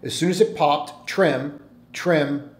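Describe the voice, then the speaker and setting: A man giving energetic trading commentary, coaching with emphatic repetition and rhetorical questions. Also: a little high, takes it slowly. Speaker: trading educator. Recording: roomy echo.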